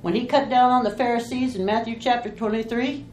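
A woman's voice: fairly high pitch, fairly quick, darkish tone, roomy sound. A woman teaching a Bible study in an informal, folksy way, telling stories and asking rhetorical questions.

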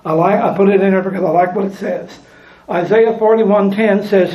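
High-voiced emphatic male preacher. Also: steady tone, moderate pace. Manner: emphatic, repeats lines for stress. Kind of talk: sermon with scripture reading. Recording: echoey room, dull lo-fi sound.

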